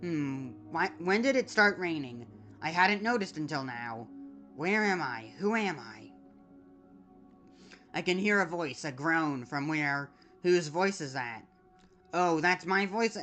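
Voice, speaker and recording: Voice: medium pitch, animated, slow, pushed and bright, faint music behind. A streamer reading out a desperate android woman. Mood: despairing. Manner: reading game dialogue aloud with self-corrections. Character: desperate female android pleading, then despairing. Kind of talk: reading video game dialogue aloud.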